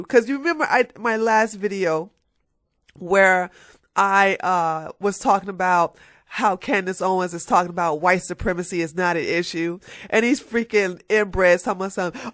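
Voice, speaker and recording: A woman's voice: mid-range voice, no echo, studio quality. Emphatic woman ranting on her vlog. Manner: emphatic, mocking, repeats points for emphasis. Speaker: political commentator.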